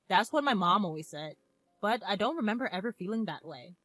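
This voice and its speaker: A woman in her twenties narrating a first-person story in a calm, reflective manner. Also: medium pitch, fairly quick, dry recording. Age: 20s.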